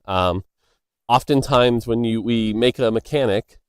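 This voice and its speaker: A man's voice: medium pitch, measured pace, clean tone. A man in a middle register talks through game design in a loose, filler-heavy way while out walking by a road. His voice sounds dry and close, with no room echo. He drifts into side stories and keeps checking in with "right?". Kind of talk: casual Q&A monologue.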